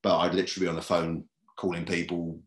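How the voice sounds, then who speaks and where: A man's voice: deep voice, little pitch movement, quick pace. A man telling stories about his career in a podcast interview, rambling a bit and repeating phrases. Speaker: comedy club booker and comedian. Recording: roomy echo.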